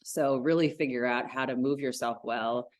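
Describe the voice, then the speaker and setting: A woman in her forties, a yoga teacher, talking about her practice in a casual podcast interview, enthusiastic and quick to laugh. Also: rumbling low, steady tone, no room sound. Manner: enthusiastic, laughs easily, thoughtful.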